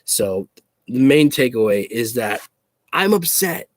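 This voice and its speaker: A man's voice: mid-range voice, big pitch swings, slow pace, no room sound. A man in a casual opinion rant to camera as a wrestling YouTuber, frustrated, swearing and repeating himself.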